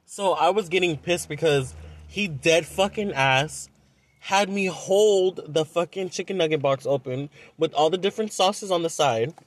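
A man's voice: a little high, moderate pace. A young man from Southern California, telling a dating story on a podcast in a blunt, profane, casual way. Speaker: podcast host.

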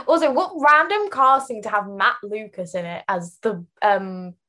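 A woman with a slightly high voice joins a casual film chat as a guest. She laughs easily and answers with quick little reactions. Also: sharp tone. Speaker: podcast guest.

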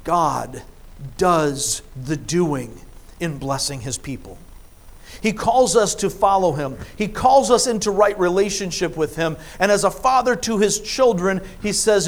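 A man preaching a sermon, reading scripture and explaining it, with emphatic swings between soft asides and loud stressed phrases. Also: sits high, expressive, a little slow. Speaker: pastor.

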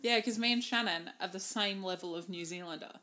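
A woman's voice: medium pitch, brisk, sharp tone. A woman co-hosting a podcast in a casual chat, full of laughter and playful banter. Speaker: podcast co-host.

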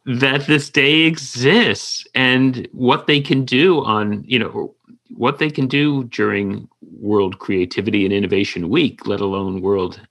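A man's voice: mid-range voice, fairly even intonation, a little slow, a bit bright. A man hosting an interview, asking long, rambling questions that he rephrases as he goes. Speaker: interviewer, host.

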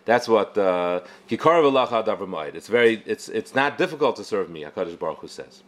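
A middle-aged rabbi with a fairly low voice delivers a relaxed weekly Torah talk. He speaks conversationally and keeps stopping to restart his sentences as he works through his points. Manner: conversational, halting, with frequent restarts.

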